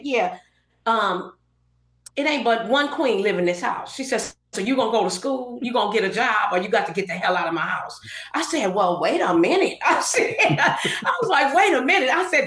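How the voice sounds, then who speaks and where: A middle-aged woman from Los Angeles, a podcast guest telling a story and acting out the lines of everyone in it. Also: a little high. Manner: animated storyteller acting out quoted dialogue. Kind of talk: casual storytelling interview. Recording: roomy echoey podcast room.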